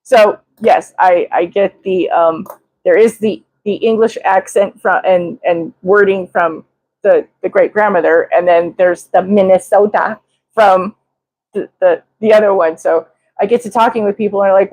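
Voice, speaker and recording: An older woman hosting a casual live chat, talking in an excitable, rambling way with many restarts. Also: medium pitch, normal speed, no room sound, poor audio. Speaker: livestream host.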